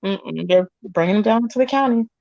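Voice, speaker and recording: A woman chatting casually and telling an animated story, jumping up high to mimic other people. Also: normal speed, gravelly, dry recording. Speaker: podcast co-host telling a jail story. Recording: slightly dull lo-fi sound.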